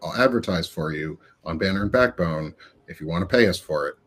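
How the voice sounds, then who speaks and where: A man with a very deep voice hosts a relaxed panel chat over a video call. He talks easily and fills pauses with um. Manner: relaxed, many ums. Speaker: podcast host.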